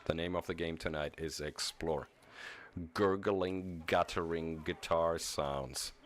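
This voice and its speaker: A man's voice: low voice, steady tone, slow. A man from Germany chatting casually while streaming a video game, rambling with chuckles and frequent restarts. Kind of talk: casual gaming stream commentary.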